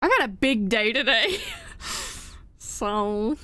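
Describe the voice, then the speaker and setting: A woman live streamer chatting casually with viewers, excitable and giggly, with the hiccups. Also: on the high side, slow pace, long pauses. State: has the hiccups.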